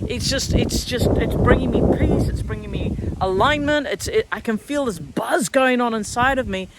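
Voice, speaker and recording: A woman's voice: a little high, normal speed. Frank outspoken woman outdoors, wind on mic. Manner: frank, swears freely, animated and excitable. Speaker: spiritual channeller and podcaster. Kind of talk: casual storytelling vlog. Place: outdoors, standing on the ground.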